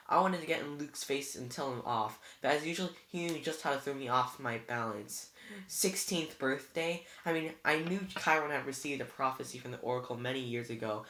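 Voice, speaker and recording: A reader narrating a novel aloud in a plain, steady way. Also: medium pitch, fairly quick. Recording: roomy echo.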